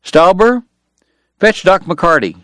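A man voicing a lively frontier lawman, a teasing younger brother, in an audiobook. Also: high-pitched, slow pace, clear, resonant tone, no room sound, studio quality, pitched above the performer's own voice, full character voice.

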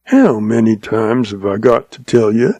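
A man voicing a shrewd, calm old cowboy with a drawl, patient and amused. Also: on the low side, measured pace, dry recording. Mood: sly calm. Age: older.

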